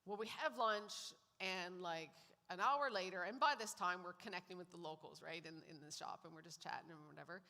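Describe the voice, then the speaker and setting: Bright-voiced woman telling her testimony. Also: fairly low pitch, brisk, creaky, hardly any pauses. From Canada. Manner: storytelling, acts out quoted lines. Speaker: guest speaker sharing testimony. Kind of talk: personal testimony in a church service. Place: church sanctuary. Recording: long hall reverb in a church.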